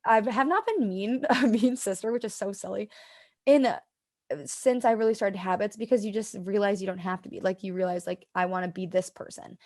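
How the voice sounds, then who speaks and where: A young woman in her twenties, appearing as a podcast guest, talks briskly in a medium-pitched, darkish voice. In this casual interview chat she says "like" constantly and quotes herself talking to herself.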